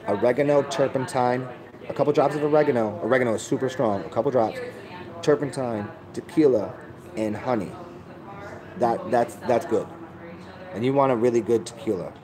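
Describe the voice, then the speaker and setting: A man's voice: medium pitch, normal speed, crowd noise, poor audio. A man rambling casually to his live-stream viewers, laid-back and profane, often restarting his sentences. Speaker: livestreamer answering chat.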